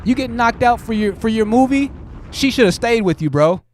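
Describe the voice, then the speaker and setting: Animated, high-voiced male commentary host. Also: moderate pace, slight background noise. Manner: blunt, talks to the chat. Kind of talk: livestream commentary.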